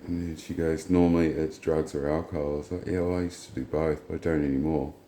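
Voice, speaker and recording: A man's voice: extremely low pitch, quick pace, reverberant, a little hiss or hum. A man telling a rambling, blunt, profane story in casual monologue. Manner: blunt, profane, rambling, retells dialogue in flat quotes. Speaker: vlogger.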